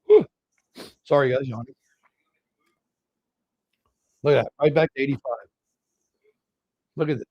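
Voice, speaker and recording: A man's voice: mid-range voice, fairly even intonation, fast talker, dry recording, lo-fi sound. A man hosting a live trading show, casually talking viewers through chart levels. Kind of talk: live market commentary.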